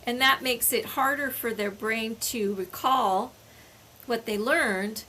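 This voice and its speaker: An older woman co-hosts a casual podcast chat, spinning lively stories in a high voice. Her tone is bright and forward. She acts out back-and-forth exchanges as she talks. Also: slow, a little hiss or hum. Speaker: podcast co-host.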